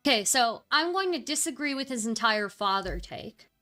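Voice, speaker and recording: A woman speaking candidly and with grievance in casual talk on a call, halting with fillers. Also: a little high, animated, bright, forceful tone, soft background music.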